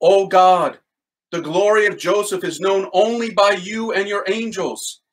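A man teaching a Catholic devotional series with excited commentary on quotes, then leading a litany prayer. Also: high-pitched, unhurried, rough recording. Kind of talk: enthusiastic spiritual teaching and prayer.

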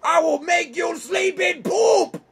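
A cranky little teddy bear with anger issues, as a man puts him on, ranting and making over-the-top threats in a comedy puppet vlog. His husky voice sits on the high side and swings wildly up and down. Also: animated, moderate pace, a little mellow. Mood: screaming rage.

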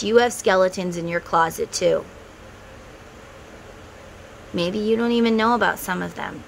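A woman's voice: on the low side, vocal fry, slight background noise, low-quality recording. A middle-aged woman who runs a spiritual vlog, talking to viewers in a casual, heartfelt way. She gives earnest advice and speaks straight to the viewer. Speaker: tarot and spiritual vlogger.

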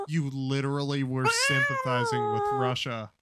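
A man's voice: very animated, slow, heavy background noise. A man on a call, streaming a crude comedic rant, hurling profane insults with sudden shrieks. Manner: insulting, profane, wildly swinging pitch. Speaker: streamer debating a cat.

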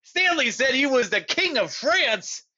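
A man voicing an excitable little boy who talks eagerly, in a dull lo-fi recording. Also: unhurried, exaggerated voice. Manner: eager, high, wide-eyed.

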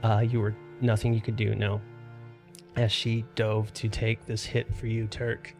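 A man leads a tabletop game as game master, narrating scenes in a steady, monotone voice with little rise and fall. He fills pauses with "uh" and "um" as he paints the action. Soft music plays faintly in the background. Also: lowish voice. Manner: steady descriptive narration with frequent fillers.

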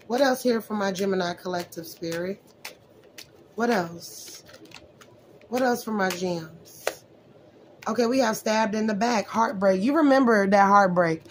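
A woman's voice: mid-range voice, unhurried, pauses often, a little hiss or hum. A woman doing a tarot reading for viewers, naming the cards one after another and adding blunt, profane asides. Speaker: tarot reader.

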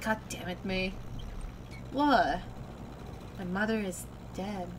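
A sharp-tongued, bitter young crocodile girl, voiced by a woman reading a game. Her lines come out cold and cutting, slow and scornful. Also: mid-range voice, noisy background, lightly acted.

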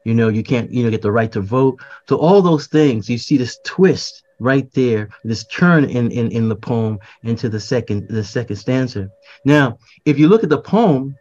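Older male guest, reflective talker, medium pitch, slightly dull lo-fi audio, lots of fillers and restarts. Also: lively intonation, unhurried, darkish tone. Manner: reflective, repeats words, frequent fillers and restarts. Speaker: poet, podcast guest. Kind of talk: conversational explanation.

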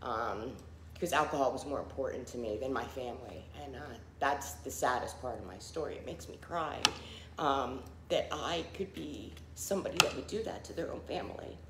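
Woman, middle-aged, low voice, candid testimony, roomy echo, faint noise. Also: moderate pace. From Philadelphia area. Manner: candid, frequent fillers, acts out quoted people. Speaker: recovery testimony speaker. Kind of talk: personal testimony.

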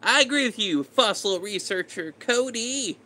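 A man's voice: sits high, animated, moderate pace, sharp tone. A man casually chatting with his live stream viewers, laid-back and greeting them by name. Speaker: streamer reading chat.

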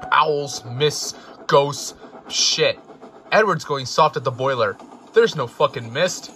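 A man's voice: medium pitch, slow pace, distant mic, noisy background, lightly acted. Man voicing a grumpy swearing steam engine. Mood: grumpy scoffing. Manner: swearing, scoffing, shrieks when scared. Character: grumpy foul-mouthed male steam engine. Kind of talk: improv parody redub. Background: music.

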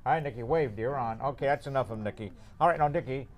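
Here the host talks quickly at a medium pitch, ribbing his guests on a local cable show. He laughs a lot and cracks jokes constantly, with faint room noise in the background.

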